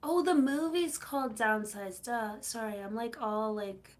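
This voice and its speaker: This is a young woman with a fairly high voice, hosting a laid-back live stream. She chats and rambles, replies to viewers' comments, and tells stories with playful quoted voices. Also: a little slow. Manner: chatty, rambling, reads and answers viewer comments. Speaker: livestream host. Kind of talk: casual live-stream chat.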